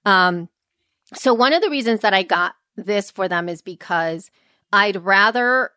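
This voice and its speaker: A woman's voice: medium pitch, animated, unhurried, pushed and bright, no echo, clean studio sound. A woman co-hosting a podcast, chatting casually and animatedly in long run-on sentences. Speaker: podcast co-host. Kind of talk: casual chat.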